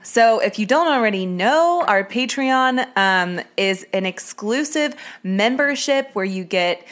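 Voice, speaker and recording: A woman's voice: a little high, expressive, a bit bright. Chatty woman hosting a podcast. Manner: chatty, reads names quickly with filler ums. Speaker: podcast host. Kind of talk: casual true-crime podcast chat.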